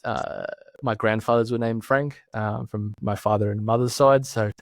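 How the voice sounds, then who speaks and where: A man's voice: lowish voice, fairly even intonation, moderate pace, no echo, clean studio sound. A man in his thirties with an Australian accent, chatting easily as an interview guest, chuckling and thinking aloud. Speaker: podcast guest, branding expert. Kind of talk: casual remote interview chat.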